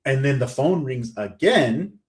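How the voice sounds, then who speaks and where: A man hosting a podcast, recapping a horror story in a casual, animated way and briefly acting out the lines of its characters. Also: mid-range voice, unhurried. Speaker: podcast host.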